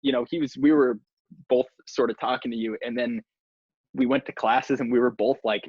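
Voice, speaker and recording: A man's voice: mid-range voice, steady tone, brisk, husky, no room sound. A young man co-hosting a podcast, animatedly recounting a story in casual chat and teasing his friend. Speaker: podcast co-host. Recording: dull, dry lo-fi mic.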